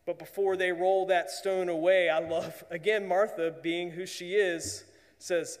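A man preaching a sermon as pastor, earnest, often dropping to a hushed voice for emphasis. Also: high voice, fairly even intonation, measured pace, big-room sound.

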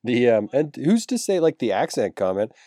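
A man's voice: mid-range voice, big pitch swings, normal speed, dark tone, no room sound, clean studio sound. A man in his thirties co-hosting a podcast, teasing and laughing easily in casual chat. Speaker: podcast co-host.

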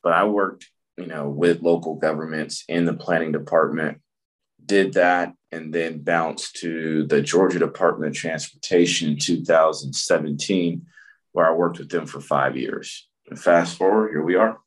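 Low-voiced guy in his 30s from the midwest, easygoing interview chat, lots of ums. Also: moderate pace. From Midwest, Michigan. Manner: relaxed storytelling with frequent fillers and laughs. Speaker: county commissioner, guest. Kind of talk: conversational interview.

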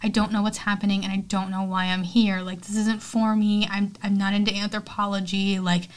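A woman quoting a distraught, confused young woman who talks in halting, pleading bursts. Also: medium pitch, level tone, natural voice.

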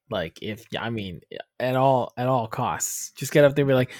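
A man co-hosting a podcast at a middle pitch, recorded dry and close. He jokes easily and often pokes fun at himself. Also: expressive, moderate pace, darkish tone, no echo. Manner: joking, self-deprecating. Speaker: podcast co-host. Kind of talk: casual chat.

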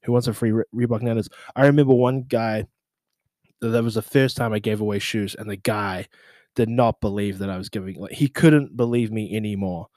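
A man recapping an event in casual storytelling, animated and slangy, often laughing and acting out what people said. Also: moderate pace, no room sound. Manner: animated, laughing, acts out quotes with big pitch jumps. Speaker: social media marketing manager.

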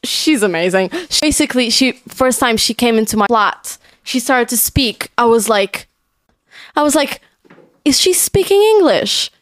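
Lively young Portuguese woman, high voice. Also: normal speed, no room sound, studio quality. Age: young adult. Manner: lively, animated storytelling. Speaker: student guest. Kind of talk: casual podcast chat.

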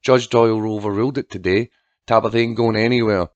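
A man's voice: lowish voice, steady tone, quick pace, no room sound, muffled recording, natural voice. A man voicing a bullying, hateful drunken father who snarls and sneers. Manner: snarling, spiteful and loud.

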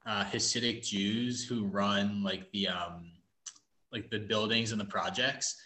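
Bright-voiced joking man on a podcast. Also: on the low side, steady tone, a little slow. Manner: loose and joking. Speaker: podcast co-host. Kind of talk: joking casual chat.

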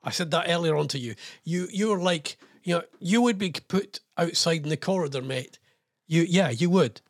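A man's voice: a little high, moderate pace, dry recording, studio quality. A man hosting a radio show, chatting casually in a rambling, self-deprecating way. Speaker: radio host.

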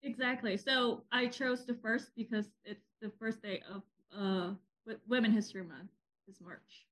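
Young woman cohosting a podcast, a bit high pitched, jokey, laughs a bunch. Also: fairly even intonation, moderate pace, a bit bright. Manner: joking, laughs often. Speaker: podcast co-host. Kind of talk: casual chat.

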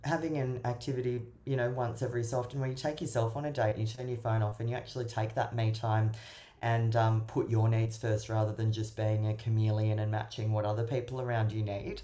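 Low, mellow-voiced woman love coach. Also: a little fast. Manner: expressive, acts out little voices while explaining. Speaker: love coach and matchmaker guest. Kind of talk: casual podcast advice.

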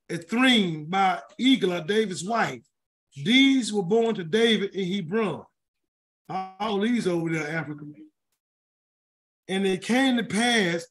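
A man leading a weekly Bible word study. He reads scripture aloud and breaks off into chatty, colloquial asides, often stumbling and restarting over names. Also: high-pitched. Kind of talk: scripture reading with casual commentary.

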